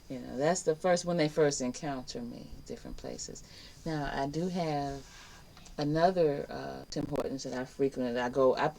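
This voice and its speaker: Low, mellow-voiced woman teaching. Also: slight background noise, rough recording. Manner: emphatic and chatty, acts out quoted exchanges. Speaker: teacher hosting an online life skills class. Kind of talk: casual spoken lesson to camera.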